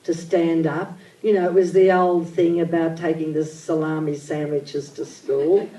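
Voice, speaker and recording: An older woman, telling childhood stories in an animated, theatrical way at a live on-stage interview. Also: deep voice, measured pace. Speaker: interview guest. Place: event venue with audience. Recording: echoey hall, mic at a distance.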